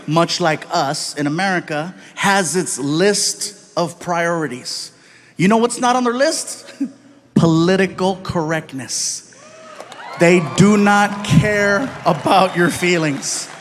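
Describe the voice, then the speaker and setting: A male stand-up comedian telling stories on stage in an animated way, putting on voices for the people in them. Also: high voice, a little hiss or hum. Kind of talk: stand-up storytelling.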